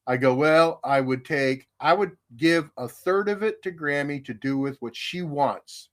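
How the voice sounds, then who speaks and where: A man's voice: fairly high pitch, measured pace, a bit bright. An older man co-hosting a podcast, telling stories in a rambling, folksy way with frequent chuckles. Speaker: podcast co-host. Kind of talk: casual chat.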